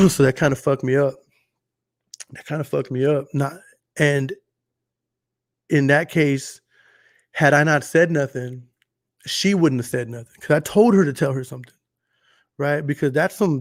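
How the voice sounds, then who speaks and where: A man on a casual podcast tells stories in loose, cussing slang and keeps checking in with "you know what I'm saying." His voice sits a little high for a man. The sound is close and dry, with no room echo. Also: darkish tone. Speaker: podcast co-host.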